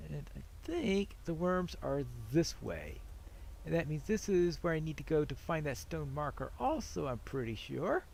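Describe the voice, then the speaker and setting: A man talks over his gameplay in a relaxed let's-play style. His voice sits a little higher than most men's. He muses and wanders from thought to thought, often poking fun at himself. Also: gravelly, slight background noise. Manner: rambling, self-deprecating musing. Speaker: gameplay commentator. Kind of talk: casual let's-play commentary.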